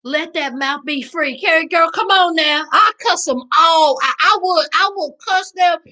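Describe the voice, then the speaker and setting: A woman with a Southern US accent hosts a casual live recap, answering chat in a sassy, animated way. Her voice sits very high. It sounds bright and forceful. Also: unhurried, poor audio. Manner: sassy, animated, calls viewers child and honey. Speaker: livestream host reading chat.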